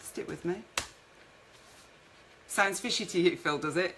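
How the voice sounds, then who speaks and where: A chatty woman hosting a live stream, her voice bright and forward. She talks casually, reads out comments from viewers and tells stories from her own working life, with a faint hiss of noise behind her. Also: lowish voice, measured pace, rough recording. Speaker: networking show host and speaker.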